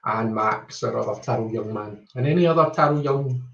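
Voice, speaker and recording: A Scottish man hosting a tarot live stream chats casually, greeting viewers by name one by one and rambling off track with lots of ums. His mid-range voice is gravelly and a little fast. The audio is roomy and echoey, slightly dull and lo-fi.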